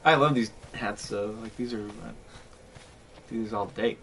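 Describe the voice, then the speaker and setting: A man's voice: fairly low pitch, unhurried, a bit bright, slight background noise. A young man chatting casually while streaming a game, rambling with lots of fillers. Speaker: gameplay streamer. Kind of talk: casual chat while gaming.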